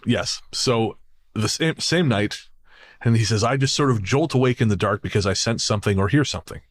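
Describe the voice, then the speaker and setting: A man co-hosting a spooky-stories podcast speaks a little fast in a fairly low voice, reading a listener's story aloud amid casual chatter. Sardonic by nature, he laughs and swears often.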